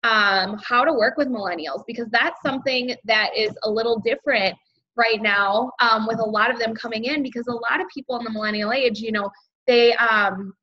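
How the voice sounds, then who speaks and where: A woman's voice: fairly high pitch, normal speed. A woman leading a team sales training over a video call, upbeat and chatty with lots of fillers. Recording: dull lo-fi video call audio.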